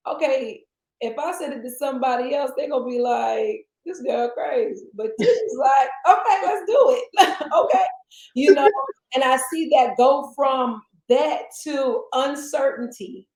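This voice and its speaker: A woman hosting a casual motivational interview, talking in an animated way and jumping into high playful voices when she quotes others. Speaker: interview host. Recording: roomy echoey sound.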